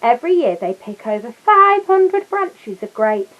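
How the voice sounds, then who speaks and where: A woman voicing a kindly, courteous older gentleman in a storybook read-aloud. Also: a little high, very animated, a little slow, phone-quality sound.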